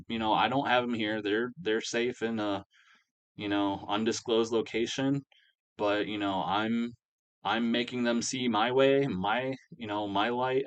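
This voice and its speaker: A man's voice: lowish voice, no room sound, highs cut off, close to an everyday voice. A man voicing a smug male wrestler cult leader in an offhand, mocking paraphrase.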